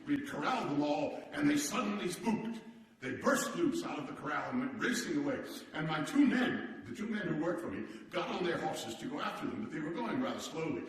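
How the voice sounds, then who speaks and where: A man playing a hearty, boastful statesman from the turn of the century, telling stories to a seated audience in a theatrical, animated way with chuckles. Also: a little high, a little fast. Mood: genial. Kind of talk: live historical character monologue. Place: large hall with a seated audience. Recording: echoey hall, distant mic.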